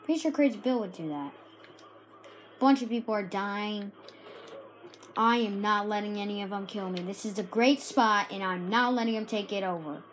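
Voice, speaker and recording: A woman giving frantic, excited commentary while playing a shooter game, often shouting and yelping. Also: medium pitch, moderate pace, slight background noise. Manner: frantic, shouts and yelps at the action. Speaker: gaming video creator.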